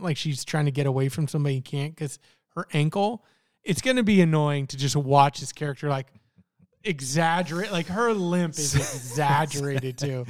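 A man with a fairly high voice co-hosts a casual podcast about a TV show, thinking out loud with plenty of fillers and restarts. The sound is dry and studio quality.

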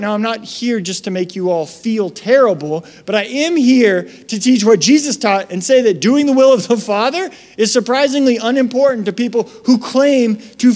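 Young male preacher, casual and animated, high voice, long hall reverb. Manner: animated, conversational, acts out quotes in raised voices. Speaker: pastor. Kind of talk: casual sermon.

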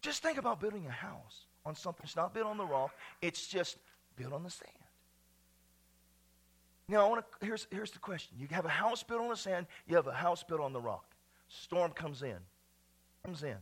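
A man preaching a sermon to his church, swinging from hushed, whispered lines to loud, shouted passages. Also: sits high, big pitch swings, a little fast. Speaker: pastor. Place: church sanctuary.

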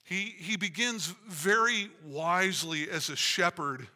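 Earnest preacher in a reverberant church hall. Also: male voice, high voice, sharp tone. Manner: earnest, measured preaching with frequent restarts. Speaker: pastor. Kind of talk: sermon. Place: church sanctuary.

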